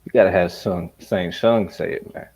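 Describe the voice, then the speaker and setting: A man's voice: low-pitched, fairly even intonation, moderate pace, vocal fry, a little mellow, husky. A man co-hosting a casual chat, laid-back and easily amused. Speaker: podcast co-host. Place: vacation rental room.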